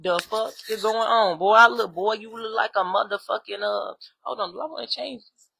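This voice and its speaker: Bright-voiced woman ranting bluntly. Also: fairly high pitch, normal speed, vocal fry, breathy edge. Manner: blunt, heavy swearing, animated and exasperated. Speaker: spiritual vlogger. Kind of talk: profane ranting monologue.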